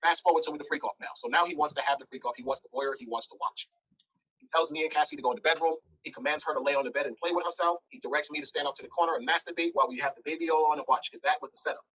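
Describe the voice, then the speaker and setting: A man's voice: on the high side, rapid-fire, husky, low-quality recording. A man speaking as an interview guest, telling a blunt, candid story and acting out the dialogue. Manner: blunt, animated, acts out dialogue.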